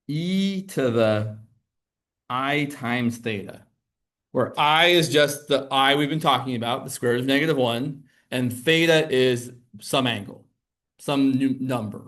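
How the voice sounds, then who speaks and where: A man teaches a math lesson in a relaxed, conversational way. He explains each step as he writes on the board. His voice sits at an ordinary middle pitch. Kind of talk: classroom lecture.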